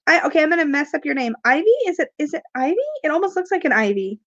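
A woman's voice: high voice, animated, racing, a bit bright, no echo, dull audio. A woman with a cough chatting on a live stream, rambling, laughing and reading viewer comments aloud while she unboxes. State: has a cough, sucking cough drops. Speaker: tarot video creator doing a live unboxing. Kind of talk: casual live-stream chat.

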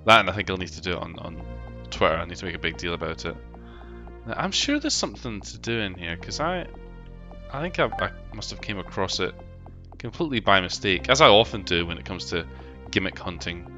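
Fairly quick and expressive, a low-voiced Londoner streams a game, his tone pushed and bright. Over the game music he chats casually and jokes, rambling, swearing freely and reading out messages from chat.

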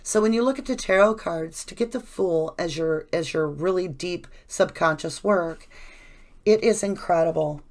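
A woman's voice: on the low side, moderate pace, a little mellow. A woman giving a casual, effusive tarot reading, chatting and rambling to her viewers. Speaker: tarot reader.

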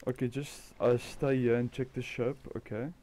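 A man's voice: medium pitch, flat delivery, normal speed, dark tone. A man giving casual commentary while playing a game with a friend, repeating short urgent commands and calling him "bro".

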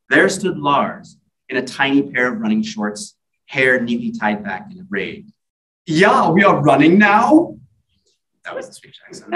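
A man's voice: medium pitch, a bit bright, recorded from a distance, poor audio. A man, an author at a library event, reading his own comic stories in a wry, self-deprecating way with casual asides.

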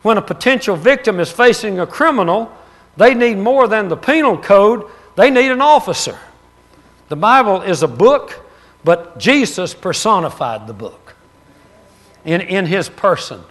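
A man preaching a sermon as pastor, telling stories with laughter and loud exclamations. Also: high-pitched, very animated, a little slow. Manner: storytelling, laughs at his own stories, rises to loud exclamations.

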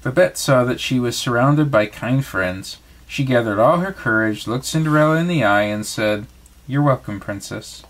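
A father reads a bedtime story aloud in a lively, expressive way. His voice moves freely up and down as he narrates. He sits at an ordinary, middle pitch for a man. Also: moderate pace, hardly any pauses. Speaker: father reading bedtime stories.

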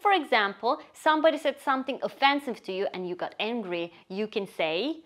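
A woman teaching a language lesson in a scripted, expressive way, acting out short example phrases. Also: on the high side, fairly quick, hardly any pauses. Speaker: Turkish teacher.

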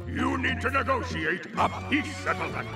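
A man's voice: very high-pitched, lively intonation, moderate pace, poor audio. A man voicing a fussy, officious talking ape who serves as a jungle advisor, over cartoon music.

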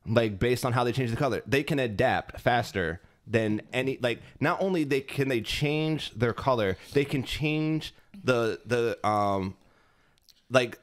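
A man co-hosting a casual podcast chat, talking haltingly with repeated words and fillers. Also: medium pitch. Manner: hesitant, repeats himself with many fillers. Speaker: podcast co-host.

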